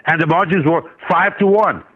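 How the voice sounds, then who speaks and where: A man's voice: on the high side, normal speed. A man guest on a market radio show, telling a trading story in a rambling way, with many restarts and asides. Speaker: guest market analyst and trader. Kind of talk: casual radio interview storytelling. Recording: dull lo-fi line.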